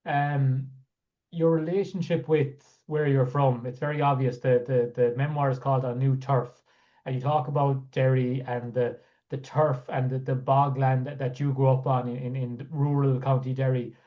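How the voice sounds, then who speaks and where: A man's voice: mid-range voice, level tone, moderate pace, lo-fi sound. A man hosting a podcast interview, asking long, thoughtful questions in a conversational way with fillers. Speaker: podcast host.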